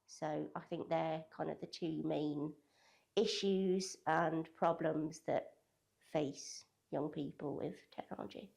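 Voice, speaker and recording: A young woman with a fairly low voice answers interview questions about her college work. She talks loosely and hedges often, filling her sentences with "kind of" and "sort of". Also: fairly even intonation, slow, creaky, darkish tone. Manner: loose, hedging talk full of "kind of" and "sort of". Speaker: digital communications apprentice at a college.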